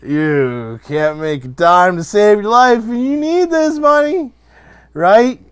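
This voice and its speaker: A man voicing a drunk, rude adult son who mocks his family with a loud, whiny, sneering voice. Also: high voice, sing-song, a little fast, voice pushed up. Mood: mocking.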